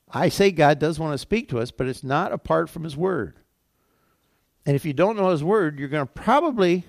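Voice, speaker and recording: Male pastor, folksy sermon delivery with a raised, gravelly voice. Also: a little high, a little mellow, no echo, clean studio sound. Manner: conversational preaching, acts out quoted voices.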